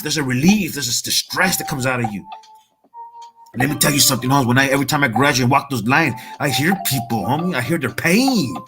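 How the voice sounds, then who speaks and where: A man's voice: medium pitch, fairly bright tone. A middle-aged man from Salinas, giving a fired-up, profane motivational monologue and calling the listener "homie.". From Salinas, California. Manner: streetwise, profane, repeats "homie" and "Holmes". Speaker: motivational speaker.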